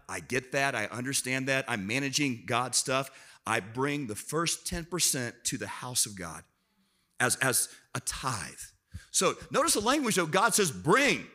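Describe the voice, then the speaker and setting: A guest preacher with a fairly high, bright voice delivers a sermon in a church auditorium. He's lively and pokes fun at himself, joking with the congregation and prompting them to call out answers.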